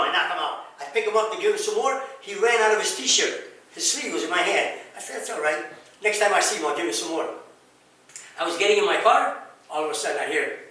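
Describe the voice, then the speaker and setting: An older man, a pastor, telling his life testimony in an animated way, acting out the dialogue and sound effects, recorded far off in an echoey room. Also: a little high, quick pace. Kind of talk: personal testimony storytelling.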